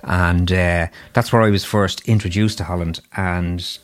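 Chatty Irish man with a low voice. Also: steady tone, a little slow. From Ireland. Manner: chatty and rambling, with frequent restarts and asides. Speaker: podcast host. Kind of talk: casual interview chat.

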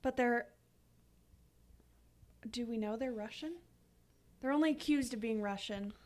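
A woman's voice: on the high side, measured pace, a little mellow. A woman co-hosting a casual podcast, reading news headlines and asking questions in a matter-of-fact way.

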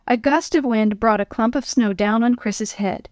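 A woman's voice: a little high, normal speed, a little mellow, no echo, studio quality. Woman reading a children's story. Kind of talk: scripted children's story narration.

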